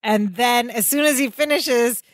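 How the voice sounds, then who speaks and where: A woman's voice: fairly high pitch, a little slow, slight background noise. Woman narrating a sitcom scene on a podcast. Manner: narrates scenes step by step, quotes dialogue. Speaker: podcast co-host. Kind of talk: casual recap chat.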